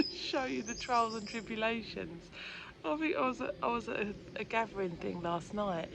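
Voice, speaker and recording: A woman's voice: mid-range voice, gravelly, background noise. A woman vlogging in a chatty, effusive way, thinking aloud and often dropping to a near-whisper. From Peckham, London. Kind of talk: casual vlog talk to camera.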